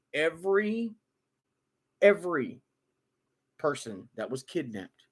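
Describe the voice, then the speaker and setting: In this clip a man speaks with a high, fairly bright voice, ranting about politics in an opinionated way. His delivery is full of repeated words and stammered restarts that build toward forceful, emphatic bursts.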